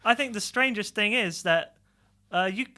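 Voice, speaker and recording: A young man co-hosting a casual radio chat, chiming in with agreeing remarks. His voice sits high and sounds bright and forceful. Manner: chatty, backs up his co-host with quick remarks. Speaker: student radio co-host.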